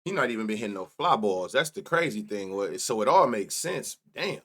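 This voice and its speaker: A man's voice: on the low side, big pitch swings, a little fast, a bit bright. A man runs through numbers in a loose, thinking-aloud way. He mutters half to himself and swears casually as he hosts a sports betting show. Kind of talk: casual solo stats rundown.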